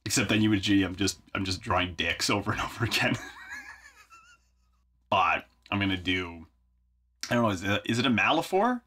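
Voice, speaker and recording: Wry, self-mocking man with a lively voice. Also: on the low side, normal speed, pauses often, slight background noise. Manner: wry, self-mocking, thinks aloud while working. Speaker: songwriter and video host. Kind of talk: casual vlog talk.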